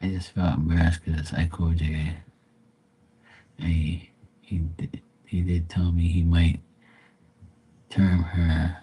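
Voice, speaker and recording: A man's voice: deep voice, flat delivery, slow, pauses often, dark tone, husky. A man giving live tarot readings, talking bluntly and profanely, with emphatic restarts. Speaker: tarot reader.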